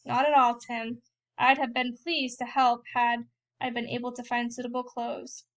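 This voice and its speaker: A cocky young soldier and older brother, boastful and quick to snap, as a woman puts him on while reading a novel aloud. The voice stays fairly high and light. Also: little pitch movement, fairly bright tone.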